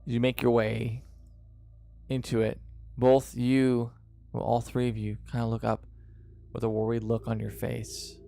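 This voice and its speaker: A man narrating a tabletop game as game master, in a dramatic, drawn-out style with pauses. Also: mid-range voice, little pitch movement, creaky, mellow, faint music behind.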